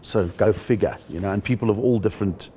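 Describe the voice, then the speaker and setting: Middle-aged South African male comic, interview; fairly low voice, lively storyteller who slips into impressions. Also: quick pace, husky. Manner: animated storyteller who acts out other people's voices. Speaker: comedian interviewee. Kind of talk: casual interview chat.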